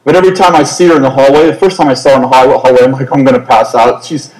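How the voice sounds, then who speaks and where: A male preacher telling a story in an animated, self-mocking comic way during a sermon. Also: medium pitch, racing, roomy sound, poor audio.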